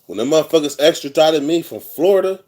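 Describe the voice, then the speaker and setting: A man's voice: fairly high pitch, lively intonation, quick pace, warm tone. Profane, rambling man. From California. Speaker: vlogger telling prison stories. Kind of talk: casual storytelling monologue.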